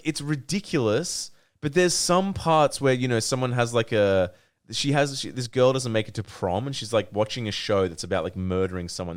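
A man co-hosting a podcast in casual chat, rambling, swearing a lot and laughing often. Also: medium pitch. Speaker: podcast co-host.

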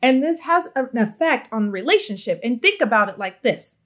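A woman with a slightly high voice coaches parents on how their children talk. She speaks straight to her listeners, emphatic and affectionate, and her pitch rises and falls freely as she stresses a point. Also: normal speed. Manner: expressive, emphatic, affectionate direct address. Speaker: parenting educator on child speech. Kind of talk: solo podcast monologue to parents.

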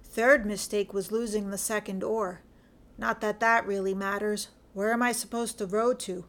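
A woman voicing a gruff, grumbling Scottish man adrift in a story, with a Scottish accent and self-mocking mutter. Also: mid-range voice, steady tone, normal speed, a bit bright, lightly acted. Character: gruff Scottish male sea detective, grumbling. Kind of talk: audiobook character reading.

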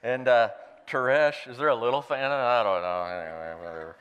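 A man preaching with a smooth, resonant voice, reading scripture and breaking off into playful, animated asides. His words hang in a long reverb from a church hall. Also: medium pitch, brisk, muffled recording. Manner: playful, animated storyteller who jokes aside. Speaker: pastor.

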